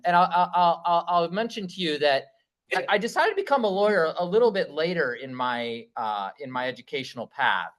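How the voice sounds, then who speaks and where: A middle-aged man from Michigan delivers a campaign stump speech to a local party meeting. His voice sits a little higher than most men's. He keeps things conversational, tossing in "right?" and stumbling into quick restarts. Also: a bit bright, low-quality recording. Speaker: political candidate speaking at a party meeting.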